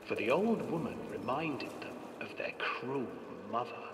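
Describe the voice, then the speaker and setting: A man narrating a dark fairy tale as a ride's storybook voice, in measured, storytelling delivery. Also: medium pitch, lively intonation, noisy background, natural voice. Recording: echoey hall, voice from far off. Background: eerie music.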